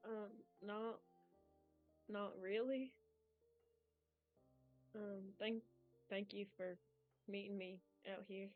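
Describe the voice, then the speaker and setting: A grieving young woman speaks in slow, halting, soft phrases, as a woman plays her in a tabletop game. The audio is thin and phone-like with faint music behind. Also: mid-range voice, little pitch movement, close to an everyday voice. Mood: subdued.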